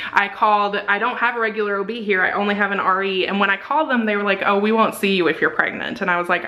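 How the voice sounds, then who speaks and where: A young woman vlogging to camera, chatty and excited, full of likes and quick asides. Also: mid-range voice, poor audio. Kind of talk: casual vlog to camera.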